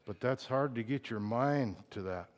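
A middle-aged man preaching a sermon, moving between quiet confiding talk and loud impassioned bursts, emotional at times. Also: mid-range voice, normal speed. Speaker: pastor.

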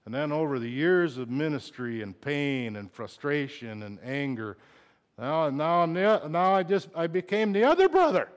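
A middle-aged man preaching a sermon, moving between quiet confiding talk and loud impassioned bursts, emotional at times. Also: on the high side, expressive, normal speed. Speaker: pastor.

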